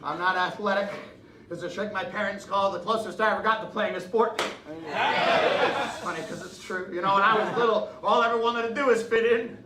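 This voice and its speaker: High-voiced man doing a live comedy act. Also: moderate pace. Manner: joking, self-mocking, coaxing the crowd to cheer. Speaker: stage comedy variety performer. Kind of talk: live stage comedy routine. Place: live venue before an audience. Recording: roomy distant mic with loud crowd and noise.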